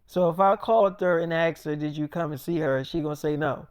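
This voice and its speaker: A woman's voice: deep voice, a little fast, a little mellow, no room sound, studio quality, close to an everyday voice. A man voicing a suspicious, defiant young woman, his girlfriend, who talks bluntly and curses. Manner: blunt, cursing, confrontational.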